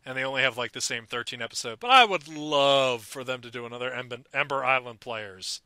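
A man's voice: medium pitch, fairly quick, clear, resonant tone, no room sound. A young man co-hosting a podcast, chatting casually and enthusiastically about a cartoon episode. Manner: enthusiastic, animated fan talk. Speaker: podcast co-host. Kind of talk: casual chat.

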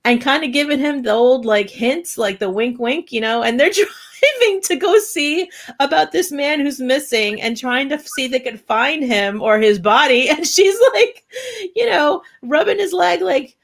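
A woman co-hosting a podcast in casual chat, animated and giggly, with lots of fillers. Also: high voice, unhurried. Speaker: podcast co-host.

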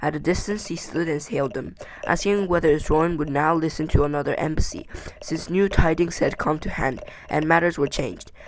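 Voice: medium pitch, a little fast, slight background noise, rough recording. A reader reading a novel aloud with many stumbles, restarts and fillers.

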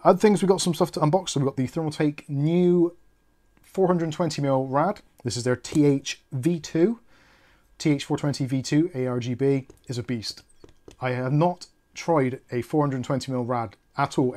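A man's voice: medium pitch, a little mellow. A man, hosting a live tech stream in a rambling, jokey way that wanders off topic. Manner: rambling, jokey, self-correcting.

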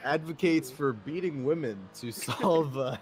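A man's voice: fairly high pitch, a little slow, a crowd in the background. A man teasing his teammates with crude jokes over voice chat, often laughing at his own lines. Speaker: teammate in an online racing session. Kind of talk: joking banter over voice chat.

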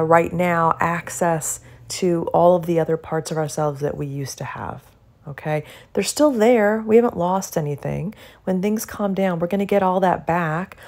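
Middle-aged lady psychologist talking thru withdrawal stuff, low voice, keeps saying okay? right?. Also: vocal fry, a little mellow. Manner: earnest, reassuring, often checks in with "okay?" and "right?". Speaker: psychologist educating about benzodiazepine withdrawal. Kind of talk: educational audio talk.

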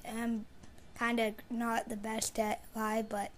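Gamer woman doing live play-by-play: higher voice on a flat line, mutters under her breath and then bursts out loud. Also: slow, slight background noise. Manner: mostly muttered low, with sudden loud exclamations. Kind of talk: live gameplay commentary.

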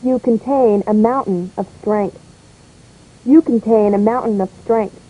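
A woman's voice: mid-range voice, a little slow, phone-quality sound. A woman reading lines in a scripted English pronunciation drill, saying each word and sentence twice. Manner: clear, repeats each word and line twice.

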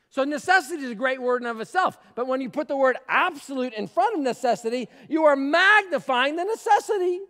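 A male pastor preaching a sermon, emphatic, repeating phrases, moving between shouted lines and quiet asides. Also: very high-pitched. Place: church sanctuary. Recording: long church hall reverb.

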